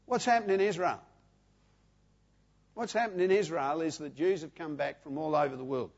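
Aussie preacher guy in his 60s, highish voice, muffled lo-fi recording, keeps repeating himself for emphasis. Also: expressive, moderate pace, pauses often, husky. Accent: Australian. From Australia. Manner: emphatic, repeats key phrases, asks the audience questions. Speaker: pastor. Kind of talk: sermon. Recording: dull lo-fi sound.

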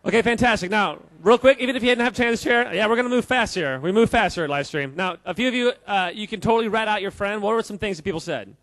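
A man giving an animated, jokey talk to a live audience, quizzing the crowd and often laughing. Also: high-pitched, fast talker, hardly any pauses, no echo. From United States. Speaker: speaker addressing a live audience. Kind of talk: lively audience-interactive talk.

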